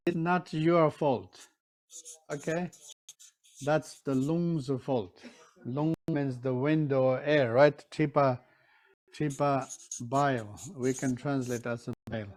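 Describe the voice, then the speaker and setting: A man with a fairly high, slightly mellow voice lectures a class on Tibetan medicine. He checks in with his students often and acts out their excuses.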